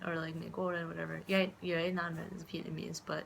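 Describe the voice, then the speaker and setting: A woman's voice: on the low side, level tone, a little fast, gravelly, slight background noise. Rambling young American woman vlogging. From United States. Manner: rambling, full of fillers and restarts, acts out quoted voices. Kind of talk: casual rambling vlog.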